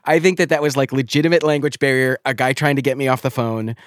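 A man's voice: mid-range voice, fairly even intonation, fast, no echo, studio quality. A man hosting a podcast, telling a story in a wry, self-deprecating way. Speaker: podcast host. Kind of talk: casual storytelling.

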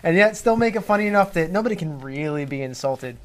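Higher-voiced analytical man. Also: expressive. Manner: measured, analytical. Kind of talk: casual podcast chat.

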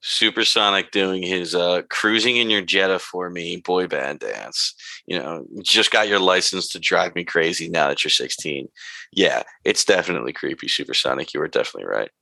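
A man's voice: low voice, moderate pace, vocal fry, no echo, low-quality recording. A man co-hosting a podcast, chatting casually and acting out quotes as he recaps a show. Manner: animated, acts out quotes from the show. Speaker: podcast co-host.

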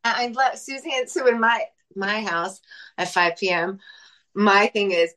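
A woman's voice: medium pitch, unhurried. A woman co-hosting a podcast, chatting casually and expressively, with her voice swooping up as she tells stories. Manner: warm, expressive, swoops up when telling stories. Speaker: podcast co-host.

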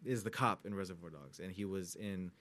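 A man chatting casually as a co-host, rambling and excitable, often trailing off while searching for words and swearing easily. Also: sits low, a little fast. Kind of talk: casual chat.

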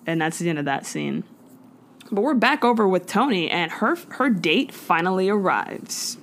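A woman hosts a podcast, recapping a sitcom episode with animated, slangy storytelling. She acts out the characters' lines as she goes. Her voice sits a little low for a woman. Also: moderate pace. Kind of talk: casual chat.

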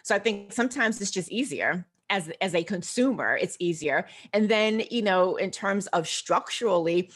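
An older woman, a financial behaviorist, telling her story as a guest in an interview in a measured, articulate way. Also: medium pitch, lively intonation, a bit bright, slightly rough. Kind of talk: interview answers.

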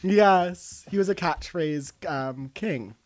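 A man's voice: a little high, slow. A man playing a scatterbrained, self-absorbed female movie star in an improvised comedy bit. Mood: airy, self-important. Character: ditzy vain female movie star, middle-aged. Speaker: guest in character.

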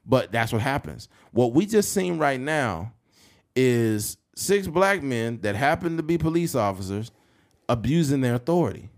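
Guy cohosting a podcast, blunt and emphatic, medium voice, kinda halting when he reads stuff out. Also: mid-range voice, sing-song. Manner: blunt, emphatic, rising to heated; reads news copy aloud haltingly. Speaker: podcast co-host. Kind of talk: casual podcast talk.

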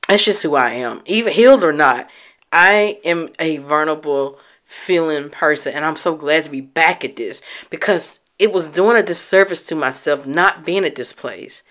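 A woman's voice: deep voice, fairly bright tone. A young adult woman talking candidly to her viewers about her healing journey, teary from having just cried. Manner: candid, emotional, speaks straight to her viewers. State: teary from recent crying. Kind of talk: casual heartfelt talk to camera.

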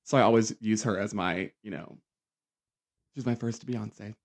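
A young man hosting a casual solo pop culture podcast, sassy and campy, dramatic, often jumping up into high mocking voices. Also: measured pace. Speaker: podcast host.

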